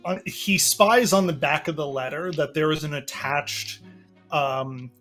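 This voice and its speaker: A man's voice: fairly high pitch, a little slow, a bit bright, soft background music. A man running a tabletop game as game master, narrating loosely and hesitantly with many fillers.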